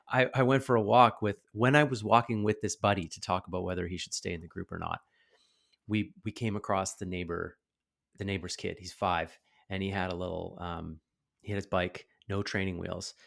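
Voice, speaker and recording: A man's voice: low voice, normal speed, creaky. A man in his thirties hosting a podcast, telling a story in casual conversation and acting out the people in it. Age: 30s. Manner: animated storyteller acting out quoted voices. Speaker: podcast host.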